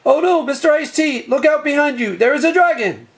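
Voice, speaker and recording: A man voicing an earnest nerdy boy with glasses and a BB gun in a home-made comedy movie, delivering lines deadpan. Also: very high voice, fairly quick, creaky, exaggerated voice. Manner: deadpan, plodding announcement-style lines.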